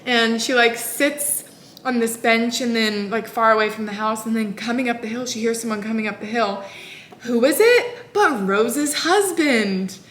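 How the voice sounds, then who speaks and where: A woman in her twenties casually recapping a novel in an animated, exasperated way, full of "like". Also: a little high, moderate pace, slight background noise. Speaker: book vlogger. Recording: echoey room.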